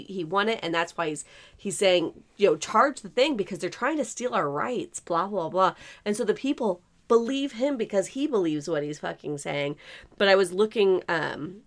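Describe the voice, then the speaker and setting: Frank, low-pitched woman co-host. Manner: frank, swears often, restarts mid-thought. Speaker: podcast co-host. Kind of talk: casual chat.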